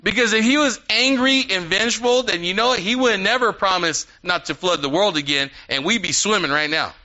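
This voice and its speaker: Lively, high-voiced male preacher. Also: fairly quick. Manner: animated, conversational preaching with asides. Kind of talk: sermon. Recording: dull lo-fi sound.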